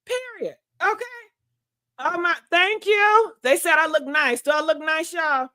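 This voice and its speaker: A woman's voice: very high voice, measured pace, pushed and bright. Sassy, profane woman gossip host. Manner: sassy, brash and profane, calls viewers honey and baby. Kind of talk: casual gossip livestream commentary.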